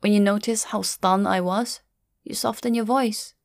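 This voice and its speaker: A middle-aged woman tells a personal story in a quiet, measured voice with a grieving undertone. Her pitch sits in the middle range. The recording is dry and close, with no room sound. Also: steady tone, creaky, dry recording. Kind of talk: first-person story narration.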